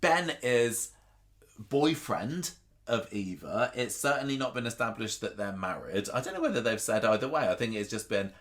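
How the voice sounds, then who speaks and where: A man's voice: medium pitch, lively intonation, moderate pace, a bit bright. A man co-hosting a casual podcast chat, rambling with frequent restarts and chuckles. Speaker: podcast co-host. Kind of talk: casual chat about a soap opera.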